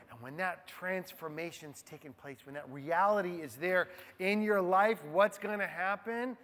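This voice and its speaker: A man with a high voice preaches a sermon, his words ringing with a long reverb in a large hall. He talks to the men in front of him as if chatting, then drops into hushed asides or pushes hard on key words. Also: unhurried. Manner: swings from hushed low asides to loud emphatic stresses; conversational, addresses the men in the room.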